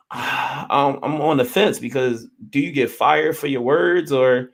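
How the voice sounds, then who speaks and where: A man hosting a podcast, arguing his side with hesitant restarts and loud bursts when he cuts in. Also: medium pitch, takes it slowly, vocal fry. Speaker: podcast host. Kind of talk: heated casual debate.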